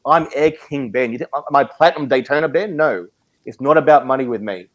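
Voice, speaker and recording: A man's voice: mid-range voice, fairly quick, muffled recording. A man arguing heatedly on a live stream. He is emotional and passionate, and he stammers and repeats himself. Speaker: watch community member.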